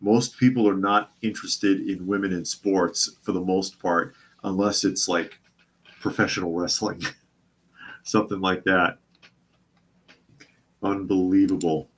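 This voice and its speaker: A man's voice: sits low, fairly even intonation, unhurried, pauses often. A man hosting a casual news commentary show, sarcastic and often repeating his phrases for emphasis. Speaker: host.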